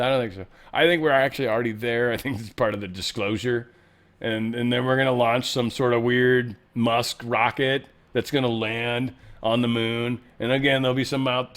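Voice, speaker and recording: A man hosting a casual news commentary show. He rambles, jokes and swears, and his pitch and loudness swing a lot. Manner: joking, rambling, profane. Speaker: show host.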